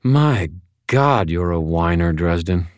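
A man's voice: deep voice, expressive, slow, smooth, no echo. A man voicing a blunt, tough female police officer in an audiobook, curt and dry. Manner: curt, dry, raised and tighter than the narration. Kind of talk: audiobook character voice.

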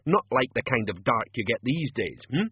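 Give me a man voicing a no-nonsense gang boss, gruff and lively, on a tinny line. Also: mid-range voice, normal speed. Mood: bossy. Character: blunt, bossy gang leader, tough and sarcastic. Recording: phone-like lo-fi recording.

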